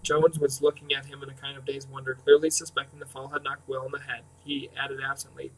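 A man reading a novel aloud in a measured way, often clearing his throat and restarting words. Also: medium pitch, monotone, fairly bright tone. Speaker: reader. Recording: distant mic.

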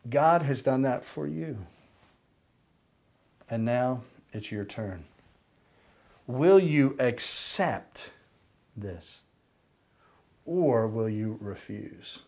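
An older man delivers a sermon at a very unhurried pace, leaning on long pauses to stress each point. His voice sits at an ordinary middle pitch. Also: lively intonation, vocal fry, darkish tone. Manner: slow, deliberate preaching with emphatic pauses. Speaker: pastor. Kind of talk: sermon with prayer.

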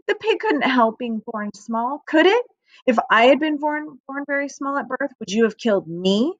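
A passionate eight-year-old farm girl, put on by a woman reading a storybook aloud speaks in a high, pleading voice. The recording is dry and close, with no room sound. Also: lively intonation, normal speed, no echo, lo-fi sound.

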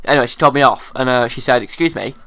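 A man's voice: mid-range voice, level tone, rapid-fire, very noisy. A man telling a jokey story on a comedy podcast, blunt and teasing, with abrupt outbursts.

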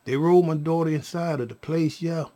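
A man telling his own story to viewers in an emotional, animated way, addressing them as y'all with casual slang. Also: on the high side, brisk. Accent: Californian.

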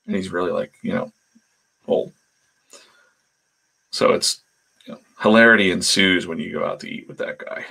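Casting: man, low gravelly husky voice, rambling anecdotal storyteller on a live stream. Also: steady tone, normal speed, pauses often, bright, forceful tone. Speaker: comic artist streaming live. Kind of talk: casual storytelling while drawing.

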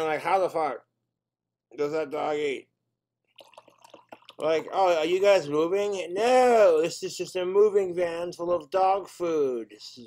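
A man doing stand-up comedy, rambling through crude jokes in a casual, off-the-cuff way. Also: fairly high pitch.

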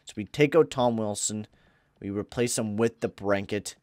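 A man giving casual commentary over a hockey video game, excitable and swinging from mumbling asides to shouting at big plays, into a close mic with a pop filter. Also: on the low side, normal speed, no echo. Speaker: gaming YouTuber. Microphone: close headset or desk mic with pop filter.

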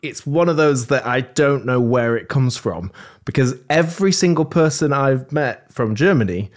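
A man chatting playfully as a podcast guest, full of jokes and quick asides. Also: medium pitch, lively intonation. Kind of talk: casual chat.

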